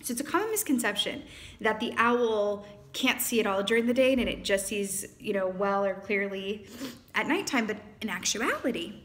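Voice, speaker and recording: A woman giving a casual tarot reading to camera, animated and quick to exclaim, acting out quoted lines. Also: mid-range voice. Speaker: tarot reader.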